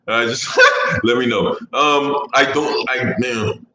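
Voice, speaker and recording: A man's voice: mid-range voice, steady tone, slow pace, noisy background. A man hosting a podcast in casual, rambling chat, swearing freely and laughing at his own jokes. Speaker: podcast host. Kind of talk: casual fantasy sports chat. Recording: echoey room, faint ambience.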